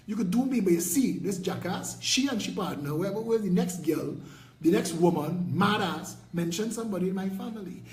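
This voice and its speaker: A man's voice: sits high, lively intonation, fairly quick, echoey room, rough recording. A man with a Trinidadian accent, a political party leader delivering an impassioned, combative and preachy rant with mocking jabs.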